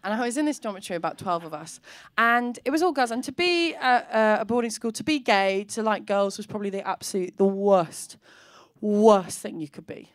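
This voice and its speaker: A young woman performing stand-up on a comedy club stage, telling a rambling, self-mocking story and jumping into high character voices. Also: expressive, brisk, a little hiss or hum.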